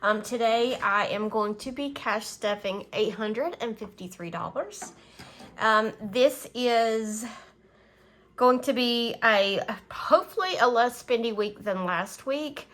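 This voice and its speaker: A woman's voice: on the high side, slow, a bit bright. A middle-aged woman chatting casually to camera as a budgeting vlogger, rambling with many fillers and counting money aloud. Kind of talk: casual chat to camera while counting cash.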